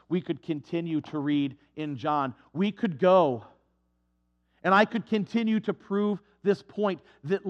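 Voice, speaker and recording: A man preaching a sermon, swinging from hushed, soft passages to impassioned, raised delivery. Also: a little high, muffled recording.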